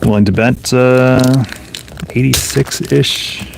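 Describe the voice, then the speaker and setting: A man's voice: fairly low pitch, fairly even intonation, moderate pace, gravelly, noisy background. A man casually commenting to himself while flipping through old comic books, offhand and musing. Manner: offhand, musing, mumbles to himself between thoughts. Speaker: comic book collector vlogger. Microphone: phone camera.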